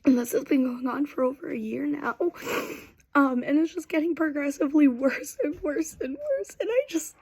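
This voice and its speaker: A woman in her twenties talking to camera in a personal video, speaking softly with a halting, near-whispered delivery. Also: sits high, lively intonation, low-quality recording. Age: 20s. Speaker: vlogger seeking advice.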